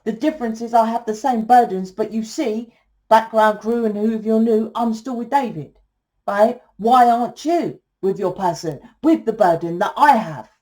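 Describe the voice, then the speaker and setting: A woman talking through a casual tarot reading, blunt and salty, often checking in with a quick "right?". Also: a little high, a little mellow. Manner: blunt, swears freely, keeps asking "right?". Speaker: tarot reader.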